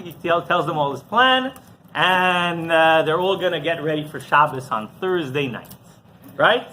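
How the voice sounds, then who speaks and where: A rabbi telling a story in a class, with quick asides and questions to a live audience. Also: male voice, fairly high pitch, lively intonation, bright, forceful tone, slight background noise.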